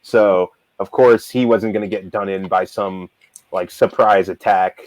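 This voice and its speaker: A man's voice: deep voice, fairly even intonation, a little slow, no room sound, rough recording. A man co-hosting a casual talk show, rambling animatedly with lots of fillers and restarts. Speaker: manga reader and show co-host. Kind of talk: casual discussion.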